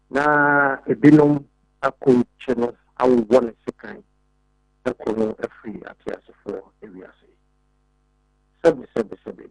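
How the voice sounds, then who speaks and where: A Ghanaian deputy defense minister speaks emphatically in a radio interview, in Ghanaian English, repeating filler words while making his points. The recording is dry and rough, his voice mid-range.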